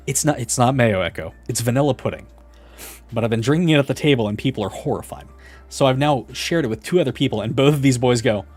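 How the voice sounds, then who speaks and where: Young adult male streamer, casual storyteller, laughs a lot, mid pitch, light background music. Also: fairly quick, pauses often. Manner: animated, laughs through the story. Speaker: model kit building streamer.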